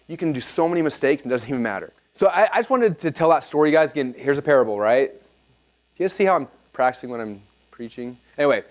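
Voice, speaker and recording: Fast talking guy giving a workshop talk, super energetic, keeps asking the crowd okay?. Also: mid-range voice. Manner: energetic, animated storyteller, often checks in with the audience. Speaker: workshop speaker. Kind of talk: live seminar talk. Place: seminar room with a live audience. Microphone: filmed talk.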